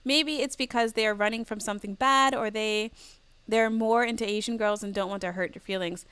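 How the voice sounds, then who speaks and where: A woman's voice: fairly high pitch, fairly even intonation, brisk, a bit bright, clean tone, no room sound. A young woman from the United States chatting casually on her livestream, laughing often and acting out the lines of people she quotes. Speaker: livestream host.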